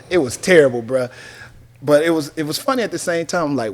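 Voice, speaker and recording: A man in his fifties from North Carolina spins stories from his radio days in a relaxed sit-down interview. He talks in an easy, slangy way, laughing as he goes, at a middle pitch that rises and falls freely. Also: fast. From North Carolina, USA. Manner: animated, laughing storyteller using casual slang. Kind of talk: casual interview storytelling.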